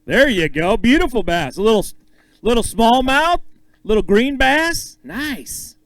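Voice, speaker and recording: A man emceeing a bass-fishing weigh-in on an outdoor stage, upbeat and joking with the anglers as he calls out names and weights. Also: big pitch swings, measured pace, fairly bright tone, no echo, low-quality recording. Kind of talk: live emcee announcing with banter.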